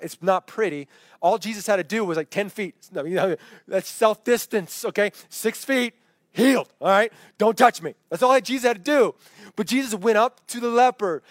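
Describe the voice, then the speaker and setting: A man's voice: sits high, dry recording. A man teaching a Bible study in a conversational preaching style, often checking in with "okay?" and acting out quoted voices. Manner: acts out quoted voices for emphasis. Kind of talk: sermon. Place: home, over an online meeting.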